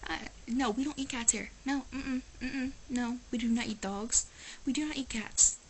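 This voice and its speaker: A woman's voice: fairly high pitch, normal speed, slight background noise, low-quality recording. A woman vlogging to camera, talking casually in an emphatic, exasperated way with lots of "like"s. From United States. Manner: exasperated, emphatic, chatty with many "like"s. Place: living in Japan.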